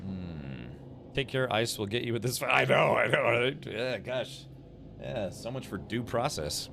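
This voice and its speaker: A man streaming a video game, chatting casually with viewers and reacting out loud as he plays. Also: medium pitch, expressive, measured pace, vocal fry. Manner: casual, rambling, reacts aloud while playing. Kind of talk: gaming livestream commentary, chatting with viewers. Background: game music.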